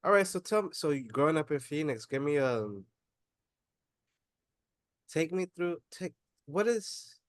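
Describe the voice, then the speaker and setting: A man's voice: fairly high pitch, big pitch swings, unhurried, long pauses, no room sound. A man hosting a podcast, asking loose, rambling questions in casual slang with frequent restarts. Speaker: podcast host. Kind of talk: casual interview.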